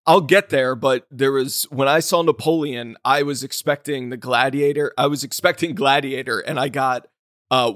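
A man hosting a film podcast, chatting casually and rambling with quick restarts and laughs. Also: medium pitch, a bit bright, dry recording, clean studio sound. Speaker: podcast host.

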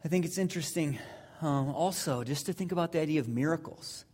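Preaching with a storyteller's conversational ease, this pastor occasionally hesitates with fillers and lowers to a near whisper at weighty moments. His voice is husky and mid-range, and he moves along briskly.

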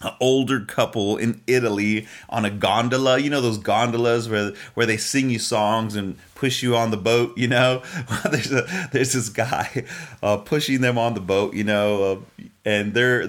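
A man giving an encouraging faith-based talk in a relaxed, conversational way, with frequent chuckles and "you know". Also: mid-range voice, normal speed.

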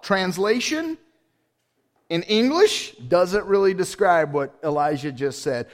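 A man's voice: high voice, animated, takes it slowly. A man preaching a sermon, reading scripture aloud and breaking in with playful, slangy asides.

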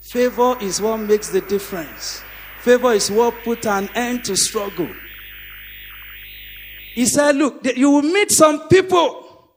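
A middle-aged male pastor preaching a sermon, calling on the congregation to repeat after him and rising to shouts. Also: very high-pitched, expressive, unhurried, long pauses, soft background music. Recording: echoey hall.

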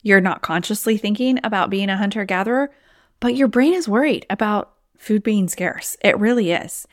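She's a woman at mid pitch, hosting a solo coaching podcast in a chatty, encouraging way. The sound is close and dry, with no room around it. Now and then she slips into little acted inner voices. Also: normal speed, no echo. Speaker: podcast host, weight loss coach.

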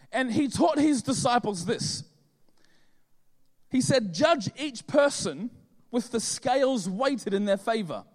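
Chatty pastor with a high voice. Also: male voice. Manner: chatty, joking, many fillers. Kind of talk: casual sermon. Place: church hall with audience. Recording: reverberant hall.

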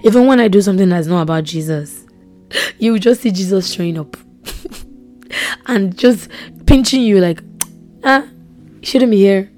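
A woman's voice: mid-range voice, moderate pace, long pauses, faint music behind. A young woman hosting a devotional podcast, talking earnestly and repeating phrases, sometimes dropping to a whisper for emphasis. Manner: earnest, repetitive, drops to soft whispers for emphasis. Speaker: podcast host.

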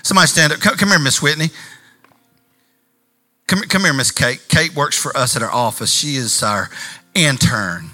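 A man preaching a sermon as pastor, animated, swinging between loud bursts and slow, quiet stretches. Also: on the high side. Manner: animated preacher, shifting volume and pace.

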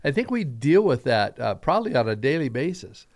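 A middle-aged pastor with a slight Southern twang talks his way through a radio sermon in a folksy, rambling, earnest manner. His voice sits at an ordinary male pitch. The studio sound is dry and close. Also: very animated, a little fast, dry recording. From Southern Idaho.

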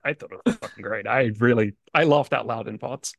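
Gravelly podcast man, dead-dry recording, loose casual talk. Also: mid-range voice, fairly quick, fairly bright tone, no echo. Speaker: podcast co-host. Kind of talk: casual chat.

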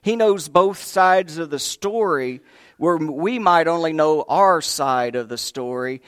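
A man preaching a sermon in an animated, conversational way, often rising in emphasis. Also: on the high side, takes it slowly, smooth, no echo, studio quality.

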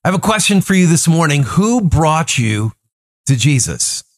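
A man's voice: a little high, very animated, moderate pace. A man in his sixties, a pastor giving a daily devotional sermon in an earnest, emphatic way, stacking up rhetorical questions and lists.

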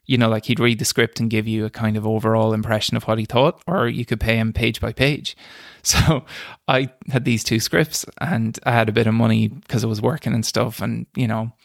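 A man's voice: fairly low pitch, little pitch movement, fairly quick, gravelly, hardly any pauses, dry recording, studio quality. A young man, a screenwriter and podcast guest, telling self-deprecating stories in a casual chat and laughing as he goes. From Ireland. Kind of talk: casual storytelling interview.

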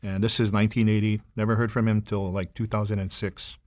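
Hawaiian guest in his fifties, lowish voice, animated storyteller who slips into voices. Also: a little fast, no room sound, clean studio sound. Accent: Hawaiian Pidgin-tinged. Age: 50s. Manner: animated, acts out voices in stories. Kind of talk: casual storytelling.

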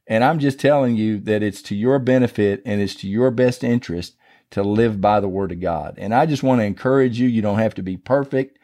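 A middle-aged man gives a devotional talk with an informal, down-home feel. He tells stories in a loose, conversational way. His voice sounds warm and mellow. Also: on the low side, fairly quick. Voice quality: folksy, conversational storyteller. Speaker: preacher.

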